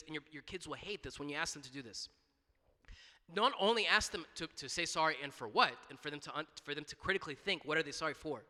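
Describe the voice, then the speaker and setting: Bright-voiced man preaching in an echoing church. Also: on the high side. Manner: conversational, frequent restarts and repeated words, asks "right?". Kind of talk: sermon.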